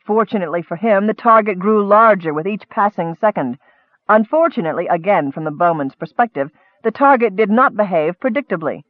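A man's voice: high voice, no room sound. A man narrating an audiobook, with scholarly asides addressed to a superior, heard through a thin, phone-like recording.

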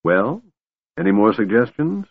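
A man playing a worn-out half-elf leader, bitter and burdened with guilt. The voice is low and tired, on thin, phone-like audio with no room sound. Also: sing-song, unhurried, breathy edge, no echo, exaggerated voice. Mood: weary. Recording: narrow phone-like dry audio.

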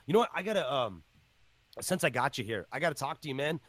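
A man hosting a casual podcast, excitable and loud, swearing often. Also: medium pitch, quick pace, no echo. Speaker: podcast host.

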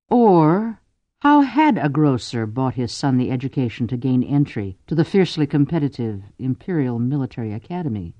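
A man narrating an audiobook in a measured, deliberate storytelling manner. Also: on the high side, warm tone, dry recording, lo-fi sound. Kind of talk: scripted narration.

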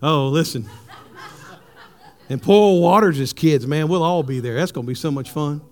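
A male pastor, preaching a sermon with animated, humorous stories for his congregation. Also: fairly high pitch, moderate pace. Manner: animated storytelling, jokes with the congregation.

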